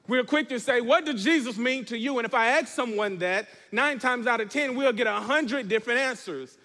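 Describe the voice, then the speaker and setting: A man's voice: extremely high pitch, normal speed, sharp tone, big-room sound. A man preaching a sermon as pastor, reading scripture and calling on the congregation to respond. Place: church.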